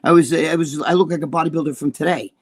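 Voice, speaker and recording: A man's voice: on the high side, fairly even intonation, fast talker, slightly rough. A man in his sixties, co-hosting a casual chat and telling profane, heated stories. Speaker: co-host.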